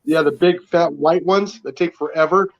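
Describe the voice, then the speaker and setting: A man's voice: on the high side, fairly even intonation, moderate pace. Easygoing man on muffled call audio. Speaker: livestream guest on a call. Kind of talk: casual chat.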